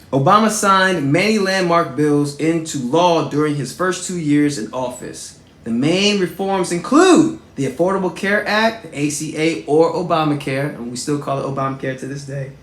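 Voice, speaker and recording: A man in his thirties hosting and telling personal stories in a casual, animated way, with lots of shout-outs and fillers. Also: a little high, reverberant. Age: 30s. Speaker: host.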